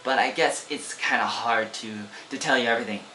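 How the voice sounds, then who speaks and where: A young American man talks through a casual English lesson, rambling and playful and often repeating himself as he goes. His voice sounds bright and clear, with a roomy echo around it and a faint hum behind. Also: medium pitch, brisk. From Oregon, USA. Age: 20s. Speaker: English teacher. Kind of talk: casual teaching vlog.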